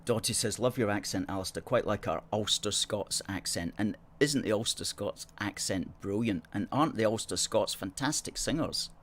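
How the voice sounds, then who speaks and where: A man's voice: on the low side, moderate pace, hardly any pauses, fairly bright tone. A middle-aged man hosting a live stream, chatting casually and playfully as he reads out viewer comments. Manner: playful, chatty, self-mocking. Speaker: host.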